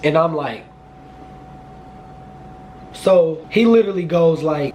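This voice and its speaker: A man in his twenties telling a storytime vlog, animated and profane, jumping into high excited outbursts. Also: slow, a little hiss or hum. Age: 20s. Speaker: vlogger.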